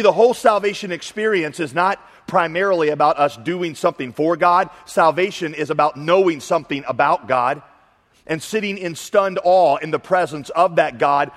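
A man preaching a sermon as pastor, animated and emphatic, varying his delivery for effect. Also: fairly high pitch. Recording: long hall reverb.

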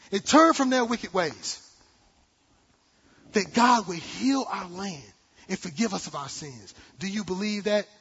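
A man preaching a sermon with animated delivery, acting out quotes and jokes. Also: high voice, slightly rough. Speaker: pastor. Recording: dull sound in a large reverberant hall.

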